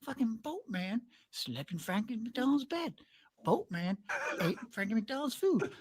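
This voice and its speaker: A woman's voice: fairly high pitch, sing-song, measured pace, a little mellow, breathy edge, exaggerated voice. A woman voicing a foul-mouthed, hot-tempered man who rants and threatens, referring to himself in the third person. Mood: aggrieved rant. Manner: threatening, profane, ranting.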